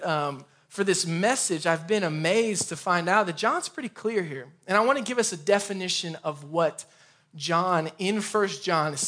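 Young male pastor, high voice, conversational and lively sermon delivery. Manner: conversational, energetic preaching with asides. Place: empty room.

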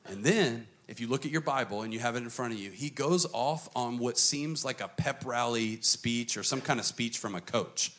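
A man preaching a sermon to a church congregation, emphatic and dramatic, switching between quick runs and slow, stressed phrases. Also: mid-range voice, fairly bright tone. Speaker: pastor.

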